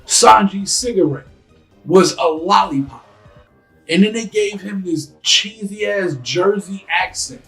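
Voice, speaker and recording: A man hosting a casual podcast, telling stories in a loose, animated way and acting out scenes in quick voices. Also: sits high, creaky, soft background music, rough recording. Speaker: podcast host. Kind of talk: casual chat.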